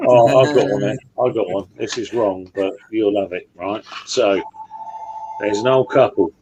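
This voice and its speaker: A man's voice: on the low side, poor audio. A man telling a crude joke in casual chat, checking in with his listeners as he goes. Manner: crude, chatty storyteller who keeps checking in with listeners.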